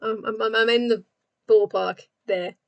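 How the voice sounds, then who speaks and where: A young woman with an Australian accent chats her way through a livestream. She laughs a lot and talks back to her viewers as she works. Her voice sits a little on the high side. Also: steady tone, unhurried, gravelly, highs cut off. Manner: giggly, chatty, talks to chat while working. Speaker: livestream host. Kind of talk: casual livestream chat.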